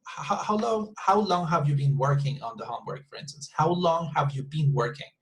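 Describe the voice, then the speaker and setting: A man's voice: a little high, normal speed, rough recording. Patient man teaching English online. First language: Spanish. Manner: patient, repeats and rephrases, checks understanding. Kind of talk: online class instruction.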